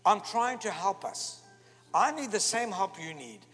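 Male preacher, very high and breathy voice, emphatic sermon delivery, roomy hall reverb. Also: measured pace. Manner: emphatic, animated preaching with quoted asides. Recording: long hall reverb with faint music.

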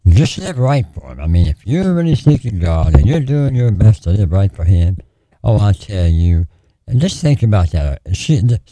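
A male radio preacher with a low, dark, mellow voice that rises and falls a great deal as he prays and preaches. He pleads and repeats phrases in a steady preaching cadence, recorded close and dry in the studio. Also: normal speed, no echo. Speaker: radio preacher taking prayer calls.

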